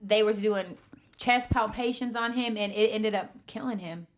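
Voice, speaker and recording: A woman's voice: medium pitch, moderate pace. Earnest woman co-hosting a podcast. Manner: earnest, recounting news in detail. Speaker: podcast co-host. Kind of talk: casual discussion.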